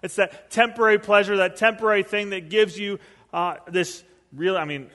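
A man's voice: high voice, fairly even intonation, moderate pace, pushed and bright, in a large hall. A male pastor giving a conversational sermon, acting out the voices of the people he quotes.

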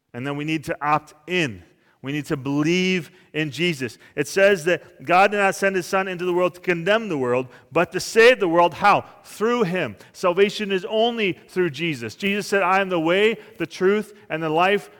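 A middle-aged man preaching with earnest fervor, his voice at an ordinary, middle pitch for a man. His words ring out with a long reverb trailing behind them, as if in a big church hall. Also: a bit bright. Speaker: pastor. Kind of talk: sermon.

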